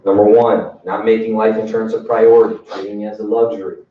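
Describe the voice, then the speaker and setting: A man's voice: lowish voice, flat delivery, quick pace, background noise. A man leading a sales training session in an emphatic coaching manner, often checking in with "right?". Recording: distant, echoey room, dull sound.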